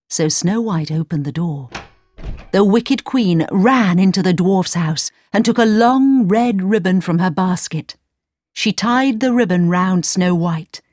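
A woman narrating a storybook in a slow, clear, expressive reading. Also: fairly low pitch, dry recording, clean studio sound. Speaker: audiobook narrator.

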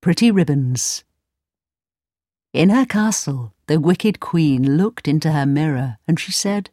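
A woman narrating a storybook in a slow, clear, expressive reading. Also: low-pitched, no room sound, clean studio sound. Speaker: audiobook narrator.

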